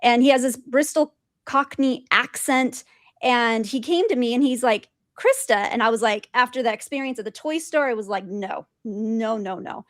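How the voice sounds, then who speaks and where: A woman guest telling her spiritual experiences in an animated way, laughing often and acting out quotes. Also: a little high, moderate pace, no echo, studio quality. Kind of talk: storytelling in conversation.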